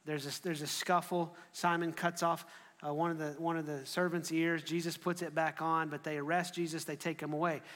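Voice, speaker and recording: Man, preacher, high voice, animated sermon storytelling, echoey hall. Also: fairly quick. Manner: animated storytelling, often restarting phrases.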